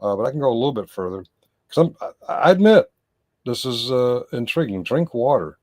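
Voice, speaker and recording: A man's voice: medium pitch, big pitch swings, fairly quick, darkish tone. Rambling male livestream commentator. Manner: rambling, self-correcting, talks to his chat. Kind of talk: casual reaction commentary.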